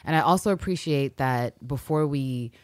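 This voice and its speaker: A woman co-hosting a fan podcast in casual chat, animated and quick to act out characters' lines. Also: extremely low pitch, no echo, clean studio sound. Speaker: podcast co-host.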